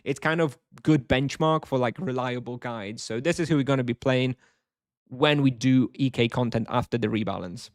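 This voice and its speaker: A man's voice: mid-range voice, moderate pace, no echo, clean studio sound. A man streaming a game live, chatting casually and answering viewers at length. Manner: rambling, reads chat aloud and answers.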